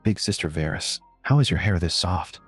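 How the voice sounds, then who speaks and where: A man narrator voicing an earnest young princess in a recap story, raising his pitch. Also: animated, normal speed, breathy edge, no echo, faint music behind.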